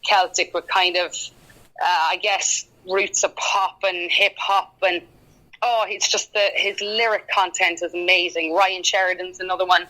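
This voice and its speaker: An Irish woman in a casual podcast chat, talky and quick to laugh, with lots of fillers. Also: fairly low pitch, steady tone, sharp tone, low-quality recording. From Ireland. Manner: chatty, laughs often, halting with fillers. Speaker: guest singer-songwriter.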